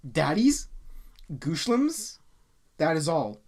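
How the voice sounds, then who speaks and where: Give me a male podcast host chatting casually, cracking jokes and cursing, with an animated, swinging delivery. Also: a little high, slow pace, a crowd in the background. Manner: joking, swears freely, reads listener comments.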